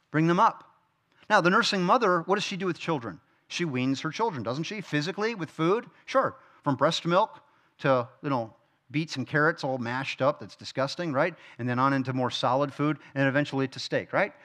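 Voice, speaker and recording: A middle-aged man gives a sermon from a church stage, his voice sitting a little high for a man. He keeps it conversational, tossing questions to the room and answering them himself. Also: fairly bright tone. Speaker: pastor teaching Bible study.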